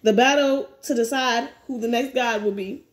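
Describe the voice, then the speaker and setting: A woman reads a webcomic's narration aloud in a high voice. Between panels she drops into brash, swearing asides. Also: moderate pace. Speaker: webcomic reader. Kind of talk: reading a webcomic aloud with casual commentary.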